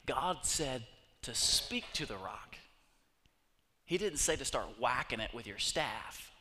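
A man preaching a sermon, telling scripture stories with lively acted-out voices. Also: medium pitch, takes it slowly, big-room sound, slight background noise. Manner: animated storytelling, acting out voices of God and people. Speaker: pastor. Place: church sanctuary.

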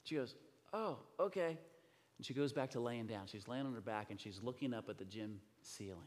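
Animated preacher man in a big echoing hall. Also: fairly low pitch, quick pace. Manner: animated storyteller, acts out voices, swings from loud to whispers. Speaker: pastor. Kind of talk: sermon. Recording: long reverb of a large hall.

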